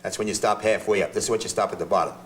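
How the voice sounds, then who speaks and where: A man's voice: fairly low pitch, steady tone, background noise. Older man teaching drum strokes. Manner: chatty, halting, restarts while demonstrating. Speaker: drum instructor. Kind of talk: demonstrating drum technique. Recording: drums heard in the room. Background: drum strokes between phrases.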